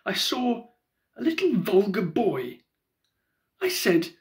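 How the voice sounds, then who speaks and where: A man's voice: high voice, huge pitch swings, takes it slowly, pauses often. A man reciting comic verse with theatrical, mock-solemn storytelling. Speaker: poetry reader.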